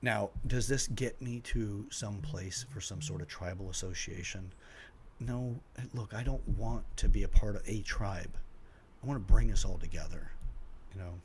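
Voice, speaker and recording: A man in his forties, a podcast host, telling a personal story in an animated way, acting out what people said and laughing at himself. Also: on the low side, moderate pace, slight background noise.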